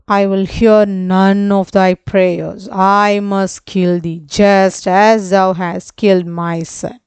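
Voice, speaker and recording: Woman teacher reading angry storybook genie, slow, menacing, crisp. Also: medium pitch, lively intonation, dry recording. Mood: stern threatening. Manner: slow, heavy, archaic speech.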